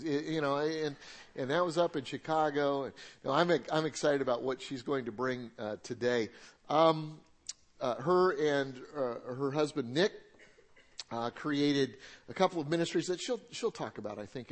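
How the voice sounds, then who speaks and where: A male pastor introduces the guest speaker to his congregation. He speaks haltingly, with many fillers, in a voice of middle pitch.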